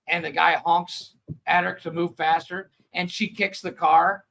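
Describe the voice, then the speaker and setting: A man's voice: fairly high pitch, level tone, measured pace, vocal fry, fairly bright tone, rough recording. A man co-hosting a comedy podcast, rambling through funny video stories and laughing as he goes. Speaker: podcast co-host. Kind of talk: casual comedic chat.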